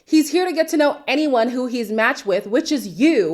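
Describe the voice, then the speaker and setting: A woman's voice: sits high, big pitch swings, moderate pace, hardly any pauses. A woman hosting a reality TV recap, talking casually with incredulous, sassy asides.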